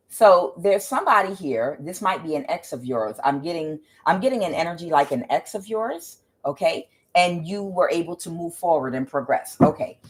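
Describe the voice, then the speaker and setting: Low-voiced woman giving an emphatic tarot reading. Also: breathy edge. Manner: emphatic, preachy, with many fillers. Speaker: tarot reader.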